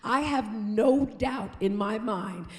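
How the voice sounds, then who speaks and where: Speaking slowly in a fairly high voice, a woman mayor gives a welcome speech at an awards ceremony. Her tone is earnest and rallying as she calls out to the crowd to get them going, and her voice rings with long reverb through a large theater.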